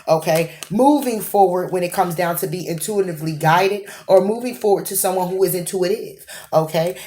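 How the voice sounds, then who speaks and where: A woman's voice: medium pitch, a little mellow, a little hiss or hum. A woman giving a tarot reading to camera, rambling, rephrasing as she goes and checking in with a questioning "okay?". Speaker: tarot card reader.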